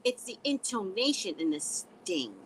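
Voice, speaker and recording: In a mid-range, sing-song voice at an unhurried pace, a middle-aged psychic and live host talks to her stream with blunt sass and frequent laughter, calling everyone "guys." Her rough recording has a little hiss or hum.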